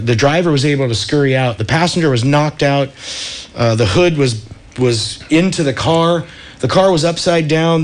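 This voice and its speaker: Radio talk show guest, thirties, Californian man, relaxed surfer storyteller, higher-pitched voice. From Santa Cruz, California. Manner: laid-back surfer talk, lots of dude and like. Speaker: radio show guest, wetsuit company founder.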